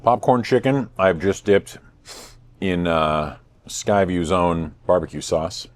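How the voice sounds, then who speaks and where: A man in his thirties hosting a casual food review vlog, playful and self-mocking with deadpan jokes. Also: sits low, slow. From United States. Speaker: host.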